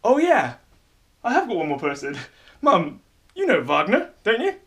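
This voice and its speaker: A man's voice: sits high, wildly swooping pitch, normal speed, a bit bright. A man talking casually to his mother, thanking people who helped with a birthday video, in a light joking way. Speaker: video maker thanking contributors. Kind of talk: casual spoken message.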